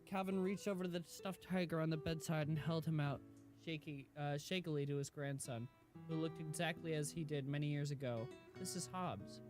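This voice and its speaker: Male reaction-video host, slightly high voice, reads gently, clear music bed underneath. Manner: gentle storytelling, lowering voice for quoted lines. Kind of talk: reading a story aloud, then reacting.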